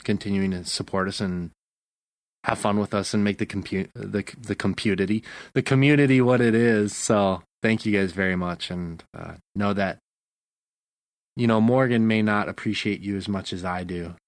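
A man's voice: fairly low pitch, moderate pace, no echo, clean studio sound. A man co-hosting a podcast in casual chat, rambling with many fillers and self-corrections. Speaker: podcast co-host.

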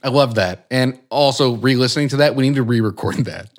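A man's voice: medium pitch, brisk. A young man co-hosting a casual comedy podcast, easygoing and given to casual swearing. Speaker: podcast co-host.

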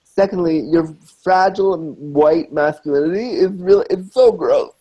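Frank, emphatic man with a mellow voice. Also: high voice, moderate pace, dull audio. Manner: frank and emphatic, repeats points for stress. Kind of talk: casual chat.

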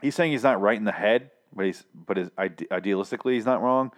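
A man ranting with exasperation and frequent swearing while reviewing a TV season. His voice is going hoarse from shouting. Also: fairly low pitch, fast. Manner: exasperated, profane, repetitive. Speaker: TV show reviewer.

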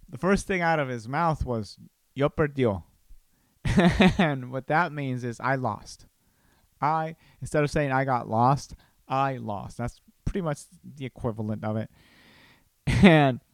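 A young man talks casually on his podcast, winding through a personal story with restarts and asides. His voice is smooth and resonant at a middle pitch. The sound is close and dry, with no room around it. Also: no room sound. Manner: rambling, many restarts and laughs. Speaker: podcast host.

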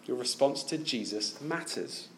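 A man's voice: mid-range voice, animated, unhurried, bright, forceful tone, a little hiss or hum. A man preaching a sermon, asking his listeners many direct questions.

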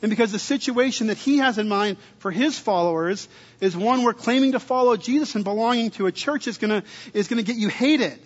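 A man's voice: sits high, a little fast. A man preaching an expository sermon in a teacherly way, stacking his points in repeated lists. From United States. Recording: dull lo-fi recording with long reverb.

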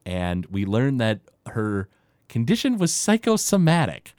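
A man co-hosting a casual podcast, retelling cartoon scenes with lots of fillers and quick impressions. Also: medium pitch, huge pitch swings, a little mellow, dry recording, clean studio sound. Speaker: podcast co-host. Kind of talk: casual chat recapping a cartoon episode.

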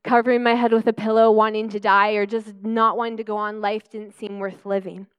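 A woman's voice: mid-range voice, flat delivery, fairly quick, smooth, no room sound, highs cut off. A young woman telling a personal testimony in a church talk, heartfelt and conversational with many fillers. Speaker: speaker sharing a testimony in church.

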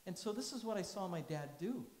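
A man's voice: sits high, animated, brisk, darkish tone. Man preaching a sermon in an echoey church. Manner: conversational, storytelling, asks the congregation questions. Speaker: pastor.

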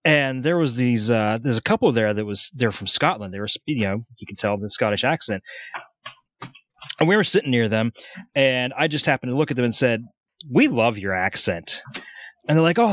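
A man's voice: medium pitch, fairly bright tone, no echo, studio quality. An American man co-hosting a casual podcast, reading film facts aloud with easygoing fillers. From United States. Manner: laid-back, reads notes aloud with fillers. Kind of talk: casual chat.

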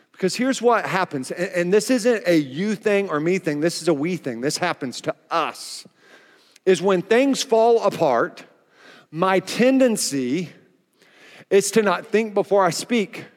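A male pastor preaching a sermon, telling stories and acting out the voices in them, recorded in a church hall. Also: high voice. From Oklahoma. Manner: animated storytelling, acts out quotes. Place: church auditorium.

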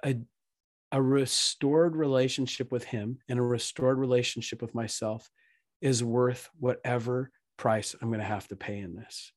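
A man in his thirties, a podcast guest, telling a candid, emotional personal story in an earnest way and growing soft when he speaks of faith. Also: mid-range voice, steady tone, normal speed, dry recording, clean studio sound.

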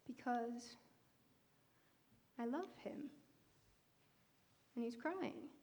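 A woman preacher with a slightly high voice tells a personal testimony from the pulpit. Her delivery is earnest and conversational, full of small fillers and restarts. She sounds like she is talking with the congregation, not reading to them. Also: animated, very slow, gravelly, a little mellow.

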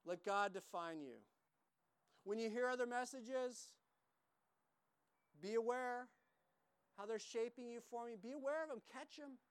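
A man's voice: very high-pitched, clean tone, no room sound. A man preaching a sermon, emphatic and repetitive, acting out quoted lines as he teaches. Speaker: pastor.

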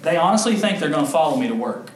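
A young adult man preaching a sermon as pastor, earnest and emphatic, telling stories with lively acted quotes. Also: quick pace. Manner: animated storytelling with acted quotes, big pitch jumps. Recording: echoey room with faint ambient noise.

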